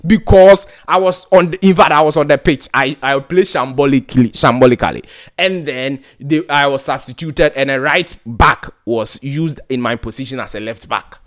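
A man's voice: medium pitch, normal speed, a bit bright. A man with a Ghanaian accent giving an exasperated, repetitive football rant, laughing in disbelief at times. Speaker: football pundit. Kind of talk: ranting football commentary.

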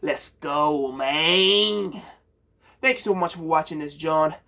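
A man's voice: a little high, slow, bright, forceful tone. A young man from Puerto Rico giving a hyped, slangy reaction to a song for his viewers, calling them bro. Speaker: music reaction youtuber. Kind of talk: casual music reaction talk.

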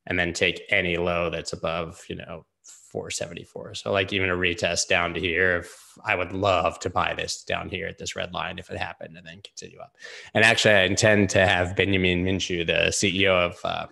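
A man's voice: deep voice, flat delivery, brisk, creaky, pushed and bright. A man hosting a casual live-stream chart analysis. He rambles loosely, leans on filler words and swears freely. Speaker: host.

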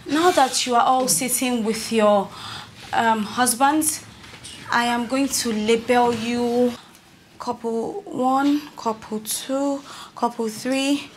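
A woman playing a nervous young counsellor who keeps pleading for calm. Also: fairly high pitch, takes it slowly, a little hiss or hum. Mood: flustered. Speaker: doctor, counsellor.

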